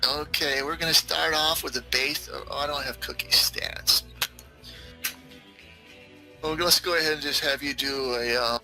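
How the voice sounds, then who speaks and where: Bright-voiced game master. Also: male voice, on the high side, steady tone, unhurried, long pauses, soft background music, poor audio. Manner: laid-back, vivid scene-setting. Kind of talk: narrating a tabletop western game.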